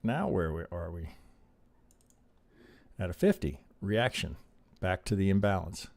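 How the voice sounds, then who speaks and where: Gravelly man talking through charts. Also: low voice, sing-song, measured pace, a little mellow, no room sound. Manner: peppers talk with rhetorical questions and "right?"; thinks aloud with restarts. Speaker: trading educator reviewing member charts. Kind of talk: live-stream chart review, casual teaching.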